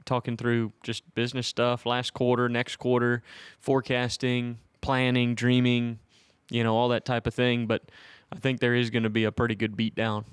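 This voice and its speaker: Man, podcast co-host, casual rambling chat, clear smooth voice, dry close sound. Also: medium pitch, monotone, moderate pace, hardly any pauses, dry recording. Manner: rambling, chuckles often.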